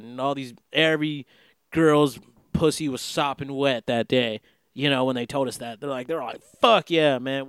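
A man's voice: a little high, fairly bright tone, clear, resonant tone, dry recording. A man chatting casually in a rambling, profane way, laughing through his story. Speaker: vlogger. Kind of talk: casual chat. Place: Los Angeles.

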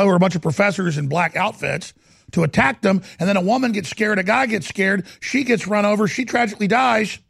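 A man hosting a talk show, ranting heatedly and fast. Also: high voice, vocal fry, a bit bright, no room sound, clean studio sound. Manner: heated, rapid-fire ranting. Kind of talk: ranting commentary.

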